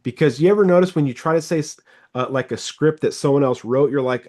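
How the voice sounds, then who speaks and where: A middle-aged man coaching a car salesman over a video call in a casual, animated way. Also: a little high. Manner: animated, rambling, quick bursts. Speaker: sales trainer, podcast host.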